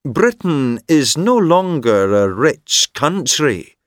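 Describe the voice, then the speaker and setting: A man voicing a smooth-talking male con man who is persuasive and sly, confiding and sometimes hushed, in a textbook listening story. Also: on the high side, big pitch swings, takes it slowly, dry recording, clean studio sound, voice pushed up. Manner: confiding, turns hushed and secretive.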